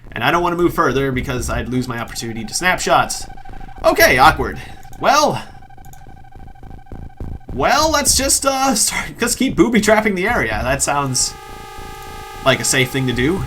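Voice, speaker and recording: A man's voice: fairly high pitch, pushed and bright. A man hosting a let's play, giving casual, joking gameplay commentary as he talks to himself. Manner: chatty, joking self-talk with frequent laughs.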